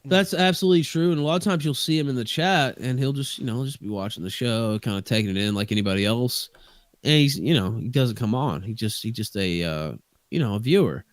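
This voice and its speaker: A man's voice: mid-range voice, fast, dry recording. Rambling man hedging his story. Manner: rambling, hedging, many restarts. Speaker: guest. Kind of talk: casual stream chat.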